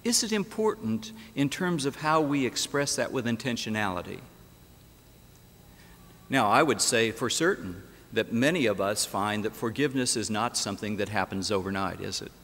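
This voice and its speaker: A man's voice: lowish voice, lively intonation, moderate pace, a bit bright. A man preaching a sermon as pastor in a church, telling the story dramatically and asking rhetorical questions. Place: church sanctuary. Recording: echoey church hall.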